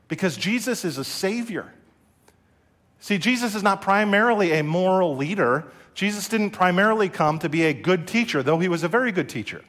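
Earnest preacher, man, slightly high voice. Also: fairly bright tone. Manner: earnest preaching with call-and-response. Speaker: pastor. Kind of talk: sermon.

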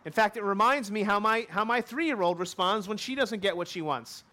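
This is a man with a notably high voice preaching a sermon. He walks through a scripture passage step by step and repeats his main points for emphasis. He is in his thirties. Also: moderate pace, bright, forceful tone. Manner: expository preaching with repeated key lines and acted quotes. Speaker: pastor.

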